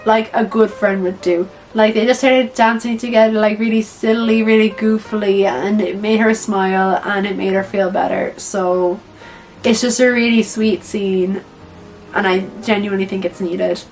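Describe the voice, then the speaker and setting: A young woman talks through her film rankings in a loose, chatty way, leaning on fillers and dropping swear words. Her voice sits in an ordinary middle register. A little music plays quietly behind her. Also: mid-range voice, fairly even intonation, moderate pace, rough recording. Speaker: vlogger reviewing films. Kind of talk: casual tier-list commentary.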